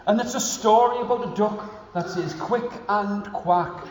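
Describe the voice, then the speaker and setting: A man telling a story to schoolchildren, lively and interactive, prompting them to join in with actions. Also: high voice, measured pace, hardly any pauses, background noise. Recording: echoey hall, dull lo-fi sound.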